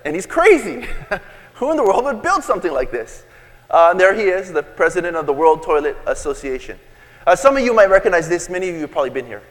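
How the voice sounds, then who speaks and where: A man preaching to a congregation in a big hall whose long echo trails after each phrase. His voice sits a little high for a man, and he tells stories, jumping into quoted lines with sudden loud bursts. His delivery stays conversational and lively. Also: fast. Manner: storytelling, acts out quotes with sudden shouts. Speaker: pastor. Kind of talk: sermon.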